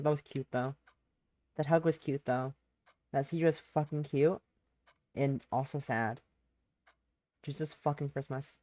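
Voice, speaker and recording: A woman with a fairly low voice chats casually through a game stream. She reacts with loud, mock-outraged bursts and plenty of swearing.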